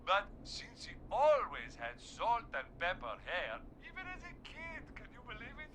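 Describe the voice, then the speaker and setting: An actress voicing a chirpy caller phoning into a game's radio show. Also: female voice, medium pitch, wildly swooping pitch, moderate pace, background noise. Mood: sweet. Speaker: prank caller.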